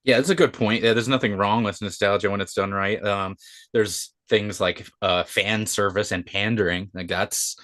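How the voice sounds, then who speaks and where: A man from Canada chatting as a guest, hesitant, with many pauses and fillers. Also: lowish voice, steady tone, fairly bright tone. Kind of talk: casual chat.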